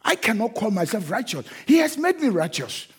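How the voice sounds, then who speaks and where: A man's voice: high-pitched, big pitch swings, a little fast, slightly rough. A middle-aged man preaching a sermon, not a native English speaker, often slipping into sung, chanting refrains. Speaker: pastor.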